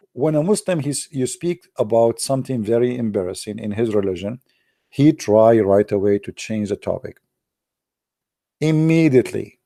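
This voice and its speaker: A middle-aged man whose first language is not English hosts a casual commentary show in a small room at home. His voice is dark and gravelly, close to a desk mic in a dry space. He talks sarcastically and keeps circling back to "my friend.". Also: mid-range voice, no room sound. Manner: sarcastic, repeats words, says "my friend". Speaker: online show host.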